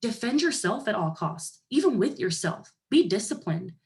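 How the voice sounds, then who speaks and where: A young woman giving a lively pep talk to her team, sassy and animated, often acting out other people's voices. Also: medium pitch, normal speed, noisy background. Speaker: motivational speaker to a sales team.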